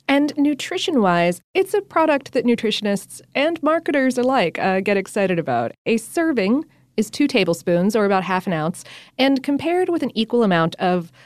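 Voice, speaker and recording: A woman's voice: on the high side, big pitch swings, normal speed, dry recording. A woman co-hosting a casual podcast, talking in a chatty, upbeat way. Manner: chatty and upbeat, with frequent fillers and laughs. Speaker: podcast co-host.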